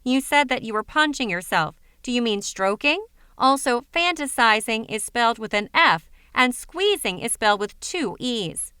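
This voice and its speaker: A woman's voice: a little high, animated, moderate pace, pushed and bright, clean tone, no echo, clean studio sound. A woman reading as a wry, matter-of-fact woman. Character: dry, level-headed woman friend.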